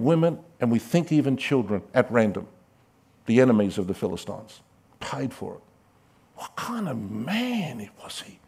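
A male pastor preaching a sermon, dramatic, swinging from loud calls to hushed asides and acting out quoted voices. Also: mid-range voice, husky.

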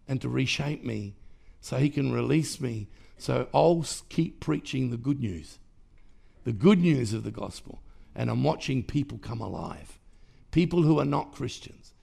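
Gravelly man preaching a sermon. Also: a little high, darkish tone. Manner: emphatic preaching with rhythmic repetition and bursts of volume. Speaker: pastor. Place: church.

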